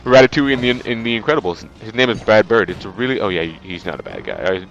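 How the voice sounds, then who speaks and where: A man's voice: fairly low pitch, sing-song, fast. A man with a stuffy nose giving rambling, chatty let's play commentary. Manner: rambling, chatty, with many fillers. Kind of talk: casual game commentary. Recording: dull lo-fi sound. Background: faint game music.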